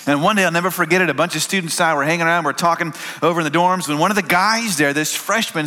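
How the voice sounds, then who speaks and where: A man preaching a sermon, telling stories in a relaxed, conversational way with small restarts. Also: a little high, quick pace, hardly any pauses. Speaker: pastor.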